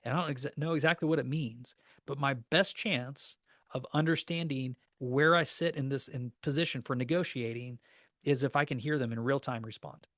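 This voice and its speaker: A man coaching real estate agents through offer negotiation, practical and direct, sometimes acting out short phone scripts. His voice sits at an ordinary middle pitch. The recording is dry and close, with little room sound. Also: fairly even intonation, normal speed, a bit bright, dry recording. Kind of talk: recorded training class.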